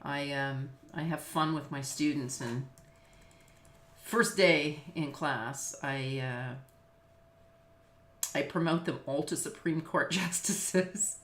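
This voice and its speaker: A woman's voice: low voice, slow, long pauses. A middle-aged woman from Los Angeles who teaches business law, chatting casually on a video call, with lots of fillers and easy laughs. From Los Angeles, United States. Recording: echoey room.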